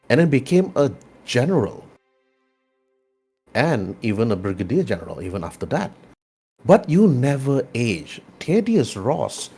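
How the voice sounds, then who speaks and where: A young man with a husky voice narrating a tabletop game as game master, in an animated, storytelling manner. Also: medium pitch. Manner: animated storytelling with frequent restarts.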